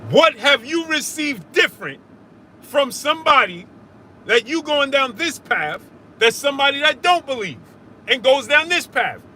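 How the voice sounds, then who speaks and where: A man's voice: very high-pitched, big pitch swings, a little slow, pushed and bright, slight background noise. A man hosting a casual live stream, arguing with viewers in the chat, repeating himself and calling them brother. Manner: argumentative, repeats himself, calls listeners brother. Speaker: sports show host answering live chat.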